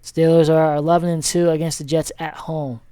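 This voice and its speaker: A man's voice: a little high, flat delivery, brisk, dark tone, clean tone, no room sound. A man giving a casual, rambling sports recap as he clicks through a screen, with many fillers and self-corrections. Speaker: sports vlogger.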